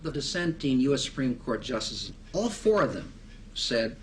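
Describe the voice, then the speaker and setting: A man's voice: mid-range voice, big pitch swings, normal speed, a little hiss or hum. A man interviewed for a documentary, speaking in an indignant, rhetorical manner. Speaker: interviewee commentator.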